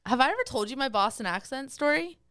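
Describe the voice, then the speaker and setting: Woman sports podcast co-host: smooth, clear voice, teasing and quick to laugh, casual banter. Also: sits high, lively intonation, fairly bright tone. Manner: playful, teasing, laughs often. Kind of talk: casual chat.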